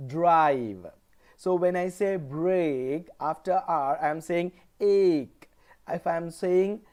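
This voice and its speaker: A male college lecturer from India giving a pronunciation lesson, deliberately repeating example words one at a time. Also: a little high, mellow.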